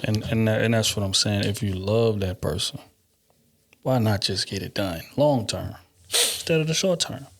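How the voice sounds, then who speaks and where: A man's voice: lowish voice, normal speed, fairly bright tone. A man in a casual podcast chat, pushing back and laying out scenarios sent in by listeners. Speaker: podcast co-host.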